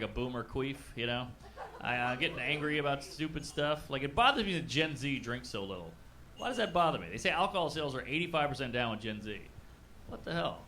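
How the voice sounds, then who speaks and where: A man's voice: medium pitch, bright, forceful tone, a little hiss or hum. Man in his forties doing stand-up. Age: 40s. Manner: conversational, punchy, self-deprecating delivery. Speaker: stand-up comedian. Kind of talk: stand-up comedy set. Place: comedy club stage. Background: audience laughter.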